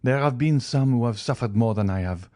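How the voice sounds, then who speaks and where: A man's voice: fairly quick, mellow, no echo, studio quality, lightly acted. A man voicing a starving old male banker held prisoner, pleading in a raised, desperate voice. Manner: desperate, high-pitched begging.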